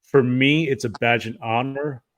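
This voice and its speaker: A man's voice: medium pitch, steady tone, measured pace, no room sound. Easygoing man in a dry room. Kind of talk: casual interview chat.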